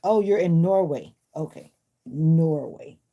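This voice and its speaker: Through a phone or device mic with the highs cut off, a middle-aged livestream host speaks slowly in a deep voice with lively intonation. Though feeling unwell, she responds to viewers' comments in a blunt, sassy, casual way.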